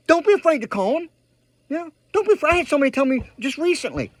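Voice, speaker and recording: A political vlogger rants heatedly straight to camera, repeating himself for emphasis and urging his viewers to take action. His voice is very high with big pitch swings, he talks quickly, and there's no room sound.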